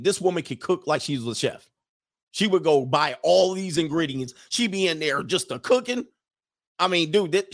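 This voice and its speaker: Gravelly dude telling a dating story, chatty, dry close mic. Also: male voice, a little high, fairly bright tone, no room sound. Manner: conversational, tags lines with "right?". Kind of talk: casual storytelling monologue.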